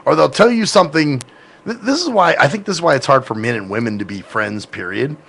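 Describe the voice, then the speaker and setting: Male podcast host, gravelly, rambling and profane, casual tone. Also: medium pitch, lively intonation, brisk, a bit bright. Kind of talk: casual chat.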